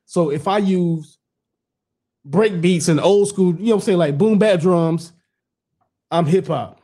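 Middle-aged man, dark rambling chat. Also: sits high, measured pace. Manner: rambling, repeats "you know what I'm saying", blunt and profane. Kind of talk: casual podcast chat.

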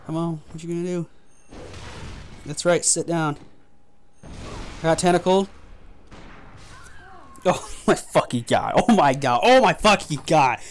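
Male gaming host, high voice, profane running commentary. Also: takes it slowly, long pauses, a little hiss or hum. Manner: frustrated, profane trash talk. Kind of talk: gameplay commentary.

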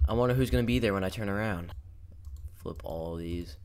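A young man narrates his let's-play in a loose, joking, profane ramble. His voice sits a little low, and he keeps jumping into sudden startled shouts. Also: fairly quick. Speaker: gaming YouTuber. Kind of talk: casual let's-play commentary.

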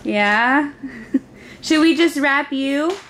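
A woman's voice: high voice, drawn-out words, fairly bright tone, slight background noise. A young American woman vlogging at home in her kitchen, chatting casually and using doting baby-talk with her toddler. She is pregnant and sounds close to tears in places. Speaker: family vlogger.

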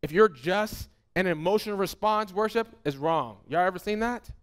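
A man preaching a fervent, emphatic sermon as a pastor, repeating phrases and dropping soft and low at the end of his points. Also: lively intonation, moderate pace, clean tone.

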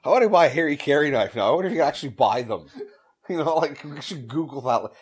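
A man's voice: on the high side, lively intonation, quick pace, slightly rough. A man narrating an audiobook, bantering casually between takes with crude jokes and frequent laughter. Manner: crude joking, laughing often.

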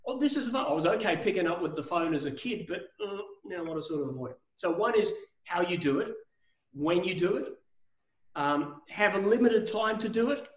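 A man, a business coach teaching a seminar in an energetic way, acting out phone calls and often restarting his sentences. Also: sits high, brisk. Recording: echoey room.

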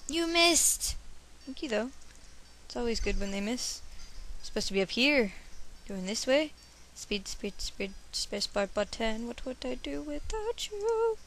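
Bubbly high-voiced woman gaming. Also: sing-song, unhurried, a bit bright, a little hiss or hum. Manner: bubbly, giggly, talks to her cat. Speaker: let's player. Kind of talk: casual gameplay commentary.

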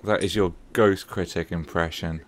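A man's voice: low-pitched, steady tone, normal speed. A man in a casual podcast chat, talking in an easygoing, joking way.

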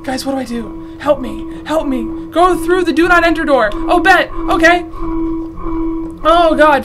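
A woman's voice: high-pitched, unhurried, music in the background. A young woman streaming a horror game, chatting with her viewers and reading their messages aloud. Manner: chatty, reads chat aloud, shrieks and swears when scared. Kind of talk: live-streamed gameplay commentary. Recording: noticeable background noise.

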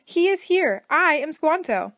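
Storybook captive man, earnest and determined, read by a woman, a touch higher, dry. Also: very animated, measured pace, fairly bright tone, no echo, exaggerated voice. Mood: urgent.

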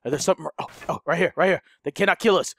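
A man commentating a horror game, panicking loudly, swearing and laughing. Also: fairly high pitch, rapid-fire, slight background noise. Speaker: gamer commentator. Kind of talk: let's play commentary.

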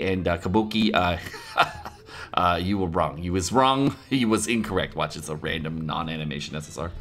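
A man's voice: fairly low pitch, pushed and bright. A man hosting a gaming video, trash-talking friends in a joking, hyped commentary. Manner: joking trash talk, hyped, laughing often. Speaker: gaming YouTuber host. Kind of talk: casual gameplay commentary.

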